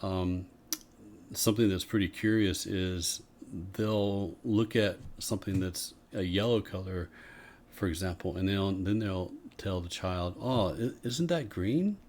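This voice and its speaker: A man co-hosting a podcast, explaining ideas in a measured, casual way. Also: low voice, flat delivery, a little mellow, a little hiss or hum. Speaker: podcast co-host. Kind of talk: casual conversation.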